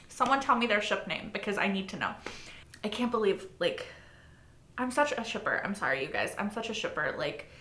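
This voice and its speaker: A woman's voice: mid-range voice, fairly bright tone, reverberant. A woman hosting a reaction video, gushing and emotional, swearing casually as she talks. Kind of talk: excited casual reaction chat.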